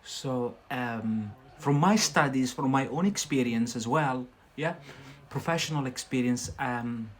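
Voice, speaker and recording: A man's voice: mid-range voice, unhurried. Chatty man with a Scottish-tinged accent. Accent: Scottish-influenced English. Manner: chatty, reassuring, repeats "yeah?" often. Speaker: English teacher, live stream host. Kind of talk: casual live-stream English lesson.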